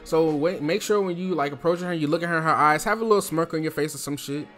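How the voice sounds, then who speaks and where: A man's voice: a little high, fast talker, a bit bright, soft background music. A young man from New Jersey giving casual advice in a loose, slangy, chatty way, speaking from his throat.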